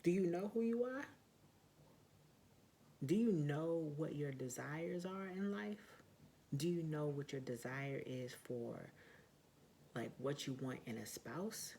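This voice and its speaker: A woman talking in a casual vlog monologue, blunt and profane, with lots of fillers and emphatic, loud outbursts. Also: deep voice, creaky, slight background noise. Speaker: vlogger.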